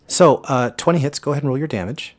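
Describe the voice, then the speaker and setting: A man's voice: medium pitch, quick pace, background noise. A man running a tabletop game as game master, narrating casually with frequent restarts.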